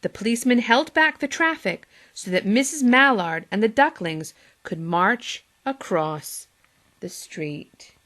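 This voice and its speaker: A woman's voice: fairly high pitch, expressive, a little slow, a bit bright. A woman teacher with a Boston accent reading a picture book aloud to young children, with playful asides to them.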